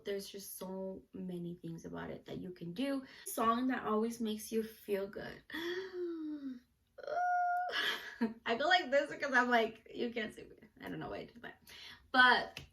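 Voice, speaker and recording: This young woman's voice sits on the high side with a fairly bright tone. Bubbly and peppering her talk with "like" and "you know," she answers questions casually to camera in a vlog. She's an American vlogger and student reporter born to Mexican parents.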